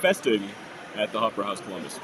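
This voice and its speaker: A man hosting a casual live podcast from a bar table, animated and laughing between lines. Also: on the low side, rapid-fire, noisy background. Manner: animated, apologetic, laughs often. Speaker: podcast host. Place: table at a bar during an autumn beer festival.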